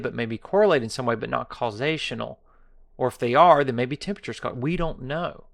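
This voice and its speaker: A commentary show host delivers a political monologue, sarcastic and mocking as he taunts his viewers, occasionally dropping to a whisper for effect. His medium-pitched voice is a bit bright, and the recording is dry.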